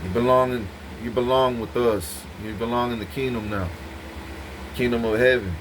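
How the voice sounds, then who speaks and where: A man's voice: mid-range voice, moderate pace, background noise. A man giving an intense, profane, rambling monologue to the camera, repeating himself as he goes. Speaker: vlogger speaking to camera.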